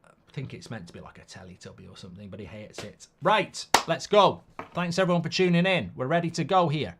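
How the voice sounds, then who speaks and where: A man's voice: mid-range voice, sing-song, brisk, vocal fry, fairly bright tone, a little hiss or hum. A middle-aged man, hosting a football watchalong in a rambling, sweary, casual live-stream chat.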